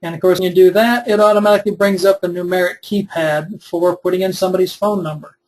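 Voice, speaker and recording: A man's voice: high voice, steady tone, quick pace, darkish tone, low-quality recording. A man in his twenties, teaching a recorded web development webinar in a conversational, step-by-step way with frequent fillers. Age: 20s.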